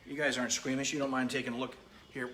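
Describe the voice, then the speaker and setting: A man's voice: mid-range voice, little pitch movement, fast, a bit bright, reverberant, a little hiss or hum. A man hosting a live-streamed home cooking demo, chatting with viewers by name as he cooks in his kitchen. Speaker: home cooking show host.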